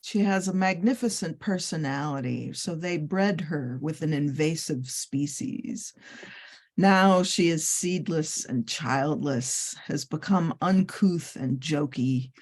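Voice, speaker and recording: A woman in a poetry workshop, reading poems aloud in a steady, deliberate way. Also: sits low. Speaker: workshop participant.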